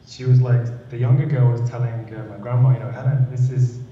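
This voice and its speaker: A man's voice: mid-range voice, fairly even intonation, fairly quick, very echoey, recorded from a distance, highs cut off, a little hiss or hum. A man, a panel guest, telling a personal story earnestly and repeating words as he goes.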